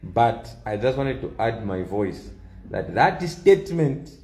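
Slow, emphatic man in an echoey room. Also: lowish voice, very animated, warm tone. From Zambia. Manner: emphatic, repeats key lines for stress. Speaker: political commentator. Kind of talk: opinion vlog monologue.

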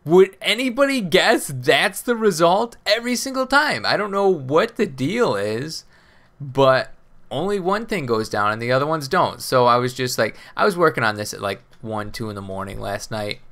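A man's voice: a little high, big pitch swings, moderate pace, a bit bright. A man hosting a casual gameplay video, rambling and thinking aloud with self-deprecating asides about his building troubles. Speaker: Minecraft let's play host.

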